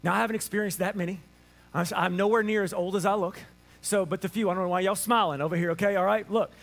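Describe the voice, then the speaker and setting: A man preaching an Easter sermon to a church congregation, animated and playful, acting out little voices for laughs. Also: sits high, quick pace, vocal fry. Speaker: pastor. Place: church sanctuary before a congregation.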